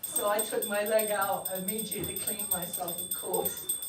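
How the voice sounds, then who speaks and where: Animated woman telling a story in a roomy space. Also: mid-range voice, moderate pace, noisy background. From the West. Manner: animated, acting out quoted voices. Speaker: storyteller sharing a memory. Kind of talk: casual spoken testimony. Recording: roomy, distant mic with faint ambience.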